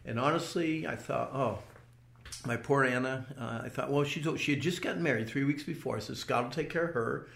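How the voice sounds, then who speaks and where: Gravelly older man telling his story. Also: medium pitch, quick pace, few pauses, a bit bright, roomy sound. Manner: earnest storytelling with repeated restarts. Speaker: interviewee. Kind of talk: personal testimony.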